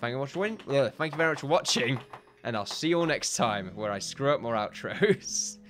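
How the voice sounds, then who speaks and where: A man's voice: mid-range voice, expressive, a little fast, a bit bright. An upbeat man talks through his castle-building game in a casual let's-play style. He is chatty and laughs at his own slips. Faint background music runs beneath his voice. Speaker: gaming YouTuber.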